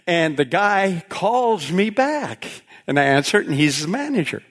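A man preaching, telling a folksy personal story with frequent laughter and animated retelling. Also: high voice, unhurried. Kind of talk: storytelling sermon.

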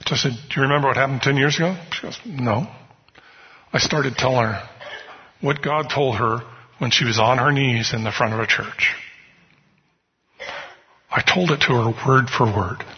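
A man's voice: mid-range voice, normal speed, long pauses, a little hiss or hum. A man preaching a sermon, telling personal stories in a conversational way. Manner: storytelling, conversational, often asks "you know what?". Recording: muffled hall recording with long reverb.

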